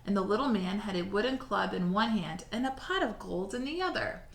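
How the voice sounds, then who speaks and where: A woman teacher reading a storybook aloud to her class and then giving assignments in a clear, encouraging way. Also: mid-range voice, lively intonation, a little hiss or hum. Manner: clear, encouraging, slightly halting when speaking freely. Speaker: elementary school teacher. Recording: roomy echo.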